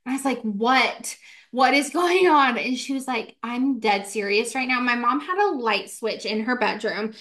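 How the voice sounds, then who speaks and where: Telling a ghost story on the casual podcast she co-hosts, this woman in her twenties has a fairly bright, slightly high voice. Her delivery is quick and animated, peppered with "like" and with quotes she performs.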